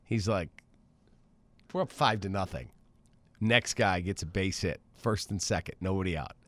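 Man, sports radio host, animated storyteller, casual talk, dry studio sound. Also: low-pitched, moderate pace, no room sound. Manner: animated storyteller, acts out quoted voices. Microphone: studio mic.

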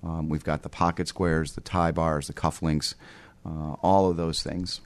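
A man speaking as a business guest in a radio interview, measured and businesslike, with frequent "um" fillers. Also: a bass voice, level tone. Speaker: company executive, guest. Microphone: studio microphone with headset.

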